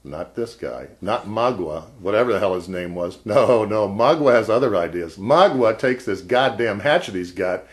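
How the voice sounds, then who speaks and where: A man's voice: fairly low pitch, expressive, normal speed, few pauses. A man vlogging a casual story about an old job, rambling and wry, often breaking off mid-sentence. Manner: rambling, self-interrupting, wry.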